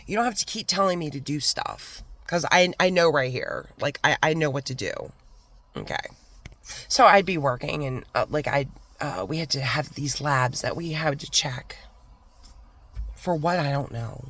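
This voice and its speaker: A woman's voice: sits low, lively intonation, moderate pace, a bit bright, no echo. A woman vlogger rants her way through a storytime about a bad old job. She talks casually and heatedly, and drops now and then into whispered asides. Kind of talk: storytime rant.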